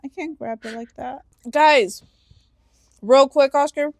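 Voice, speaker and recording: A young woman with a high voice co-hosts a casual podcast, playful and amused by her own stories. She sounds close and dry on the mic. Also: slow, vocal fry, no room sound. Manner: playful, giggly, self-amused. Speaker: podcast co-host. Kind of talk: casual chat.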